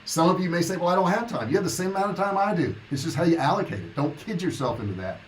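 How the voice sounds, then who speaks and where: A man's voice: a little high, animated, fast, a little hiss or hum, rough recording. Blunt motivational man in his sixties. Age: 60s. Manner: blunt, motivational, reads viewer comments aloud. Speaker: online business coach. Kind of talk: casual livestream chat.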